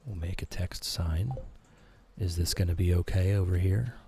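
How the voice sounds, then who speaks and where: A man giving slow, soothing, soft-spoken commentary while playing a game for sleepy viewers. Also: deep voice, background noise. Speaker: streamer. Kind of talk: calm gameplay commentary for sleep. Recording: background music.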